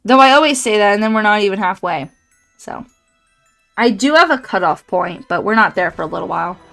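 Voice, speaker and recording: A woman's voice: mid-range voice, animated, brisk, creaky, a bit bright, faint music behind. A woman streaming a story game, chatting casually, swearing and laughing at her own slips.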